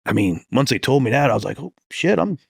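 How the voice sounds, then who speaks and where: A gravelly-voiced man, a police detective, tells his story in an interview with salty language and animated quoted lines. The sound is dry and close, with no room around it. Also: mid-range voice, quick pace, no room sound.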